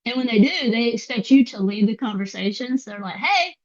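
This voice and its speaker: A woman guest on a podcast, chatting and telling stories in a casual, quick way with soft asides. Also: fairly high pitch, lo-fi sound. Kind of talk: casual interview chat.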